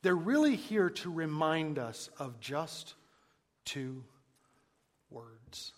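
A man preaching a sermon, emphatic, moving between hushed and loud passages. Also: fairly high pitch, big pitch swings, drawn-out words. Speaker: pastor. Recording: long hall reverb.

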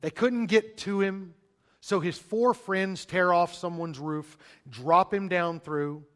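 A man preaching a sermon, calling listeners "beloved" and asking rhetorical questions, swinging from loud emphasis to a hushed near-whisper with long dramatic pauses. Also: high voice. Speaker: pastor.

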